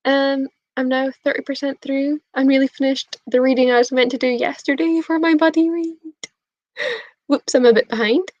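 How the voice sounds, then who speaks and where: A woman's voice: high voice, steady tone, moderate pace, darkish tone, dry recording. A young woman chatting casually on a live stream, bubbly and giggly as she answers her chat. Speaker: booktube streamer. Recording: dull lo-fi stream audio.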